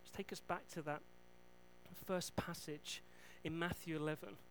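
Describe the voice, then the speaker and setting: A man preaching a sermon, retelling Bible stories in an animated way with self-deprecating asides. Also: a little high, unhurried, slight background noise, rough recording.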